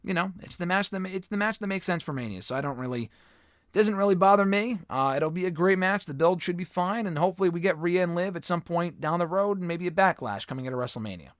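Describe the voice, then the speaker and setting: A man's voice: high-pitched, lively intonation, quick pace, dry recording, studio quality. Opinionated man hosting a fan mailbag. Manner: opinionated, rambling with restarts and casual swearing. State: losing his voice. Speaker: host answering fan questions. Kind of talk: casual solo mailbag talk.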